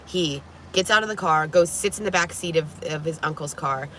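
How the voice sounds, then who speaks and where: A woman's voice: sits low, moderate pace, fairly bright tone, a little hiss or hum, low-quality recording. A woman vlogging in a casual, rambling way, telling a story to camera from inside her van, full of "like" and restarts.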